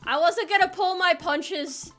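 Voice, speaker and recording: Bright high-voiced woman streamer. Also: measured pace. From United States. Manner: playful, teasing banter with chat, frequent restarts. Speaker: VTuber streamer. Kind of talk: casual live-stream chat while playing a game. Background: faint game music.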